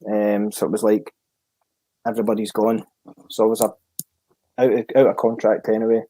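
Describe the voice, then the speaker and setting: A Scottish man, a former footballer, telling a story in a relaxed chat and acting out the dialogue he retells. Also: on the low side, normal speed, no echo. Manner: lively storyteller who acts out the dialogue he retells. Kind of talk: casual storytelling.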